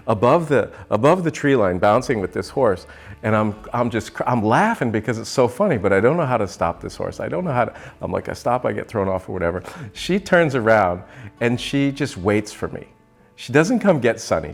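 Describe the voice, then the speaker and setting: A middle-aged man from Arizona tells a funny story in a low, animated voice that swoops up and down. He is conversational and keeps breaking into laughter. Faint music sits behind him. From Arizona, USA. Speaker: host. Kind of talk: comic storytelling vlog.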